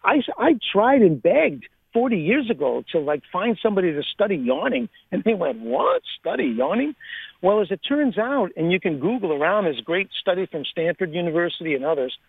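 A man's voice: high voice, sing-song, a little fast, creaky, few pauses, husky, dry recording. A man, a breathwork author, explaining eagerly as a radio interview guest, laughing often and repeating phrases for emphasis. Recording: tinny phone line.

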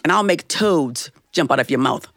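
A woman's voice: deep voice, lively intonation, moderate pace, a little hiss or hum, pitched below the performer's own voice. A woman voicing a sassy, stern female fairy who scolds sharply, as in a told fairy tale.

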